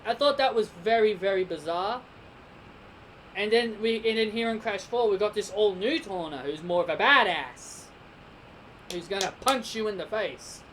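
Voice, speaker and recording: A man's voice: sits high, normal speed, fairly bright tone, a little hiss or hum, rough recording. Rambling Australian man reviewing a game. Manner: rambling, speculative, thinking aloud. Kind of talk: casual spoken game review.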